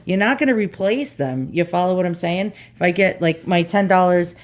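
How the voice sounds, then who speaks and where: A vlogger from New York, with a strong accent and a fairly low voice at normal speed, chats loosely with viewers while unboxing something. She's blunt and jokey and tosses in the occasional swear word, and there's a little hiss or hum in the audio.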